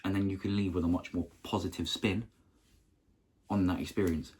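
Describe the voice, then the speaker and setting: A young man talks earnestly to his viewers, very low in pitch with a husky edge. He speaks in short, halting phrases and often restarts his sentences. The delivery is casual and encouraging. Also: steady tone, darkish tone. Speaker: motivational vlogger. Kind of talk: casual motivational talk to camera.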